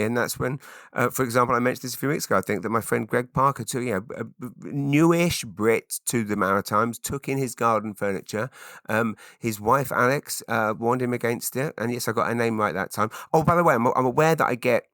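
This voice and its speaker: A man's voice: medium pitch, animated, fairly quick, fairly bright tone, dry recording, clean studio sound. A man in his forties with a British accent, hosting a rambling solo podcast, often breaking off mid-sentence and slipping into silly voices. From England. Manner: rambling, self-interrupting, jumps into silly put-on voices. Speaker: podcast host.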